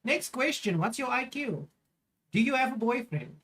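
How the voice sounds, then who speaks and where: A woman's voice: fairly high pitch, big pitch swings, moderate pace, fairly bright tone, husky. A woman streamer reacting to clips in a profane, mocking rant, swearing heavily.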